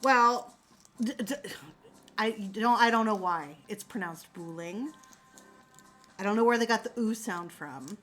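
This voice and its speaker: Bright, laughing woman chatting with viewers. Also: fairly high pitch, normal speed, faint music behind. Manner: laughs often, animated storytelling. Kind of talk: casual chat.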